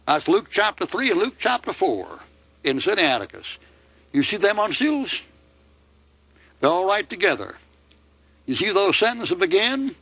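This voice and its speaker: Older man, combative preacher, high animated voice, dull lo-fi sound. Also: moderate pace, no room sound. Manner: combative, rhetorical questions with mocking answers. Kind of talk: sermon lecture. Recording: dull lo-fi dry recording.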